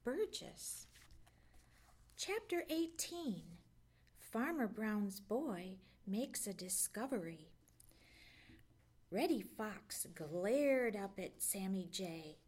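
A woman librarian reading a children's storybook aloud with gentle, expressive storytelling. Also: medium pitch, very slow, long pauses, breathy edge.

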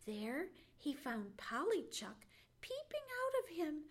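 High, lively librarian reading a story. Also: female voice, takes it slowly. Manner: expressive storytelling. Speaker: children's librarian. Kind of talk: bedtime story read-aloud.

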